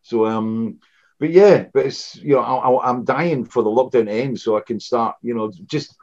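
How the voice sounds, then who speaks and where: A man's voice: mid-range voice, moderate pace. Scottish man in his sixties, rambling stories. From Scotland. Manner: rambling, many restarts and "you know"s, animated anecdotes. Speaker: guest, former rock frontman. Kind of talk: casual storytelling interview. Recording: dull lo-fi recording.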